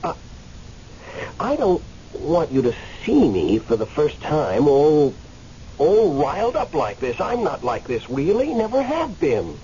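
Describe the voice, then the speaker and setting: An actor in a radio drama portrays a man freshly dead and lingering in limbo, earnest and agitated, angry and pleading, halting and stammering before turning impassioned. His voice is fairly high and dark-toned, with wildly swooping pitch and an unhurried delivery, heard through a muffled recording with faint hiss.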